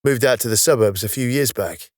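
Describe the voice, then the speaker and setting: A man's voice: medium pitch, a little fast, no echo, clean studio sound, natural voice. A man voicing a frail older British man, newly woken, who jokes in a plain down-to-earth way. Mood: chatty. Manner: joking, down-to-earth, breathless.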